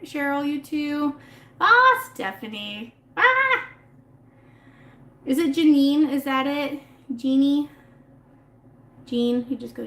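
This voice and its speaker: A woman's voice: high-pitched, animated, slow pace, pauses often, fairly bright tone, echoey room. A woman hosting a casual livestream, reading and answering viewer comments in a rambling, chatty way, talking into her phone. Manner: chatty and rambling, laughs often. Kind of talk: casual live chat.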